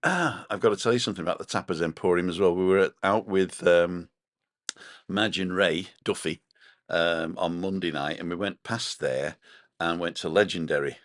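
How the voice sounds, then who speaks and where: Deep-voiced man chatting live. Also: normal speed, fairly bright tone, no echo, studio quality. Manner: chatty, rambling, reads out viewer comments. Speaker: live-stream co-host. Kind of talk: casual live-stream chat. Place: home balcony.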